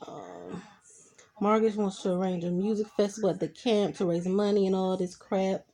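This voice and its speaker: A woman's voice: medium pitch, expressive, moderate pace, warm tone. A young adult woman chatting casually as she recaps TV episodes, adding her own reactions along the way. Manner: chatty retelling full of "I'm like" reaction asides. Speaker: TV show reviewer.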